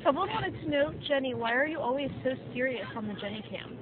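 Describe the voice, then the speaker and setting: A woman's voice: high-pitched, lively intonation, fast. A woman making casual side remarks and passing on viewer questions. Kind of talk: casual chat. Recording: lo-fi phone-like band, loud wind noise.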